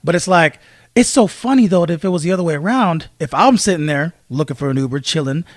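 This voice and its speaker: A man's voice: on the high side, fast, no echo, studio quality. A man co-hosting a podcast, chatting casually and acting out the people in his stories. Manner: animated storyteller, acts out voices of people in his stories. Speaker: podcast co-host. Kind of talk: casual chat, storytelling.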